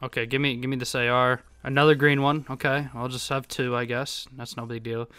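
A young man giving casual, excitable gameplay commentary, swearing and jumping into high yelps. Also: fairly quick, smooth, no echo. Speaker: gaming YouTuber.

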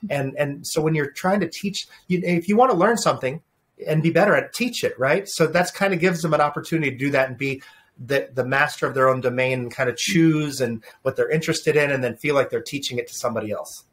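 Man, middle-aged, slightly high voice, animated anecdotes, interview guest, frequent restarts. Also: quick pace. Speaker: guest, leadership speaker. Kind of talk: conversational interview storytelling.

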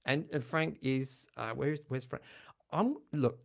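An older man hosts a relaxed livestream chat with a gravelly, slightly rough edge to his voice. He talks in a chatty, self-deprecating way and breaks into laughter often. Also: mid-range voice, slow. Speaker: channel host.

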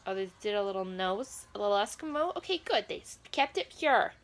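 A woman's voice: medium pitch, lively intonation, a little fast, close to an everyday voice. A woman playing a prim, nosy grandmother who reacts to a pop performance with prudish, flustered, rambling remarks and quaint asides. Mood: relieved. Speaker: comedic reaction host. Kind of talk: comedic character reaction video.

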